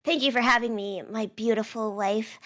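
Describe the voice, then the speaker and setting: A young woman guest on a casual podcast, sick with a cough, telling stories in an animated, giggly way. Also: a little high, normal speed.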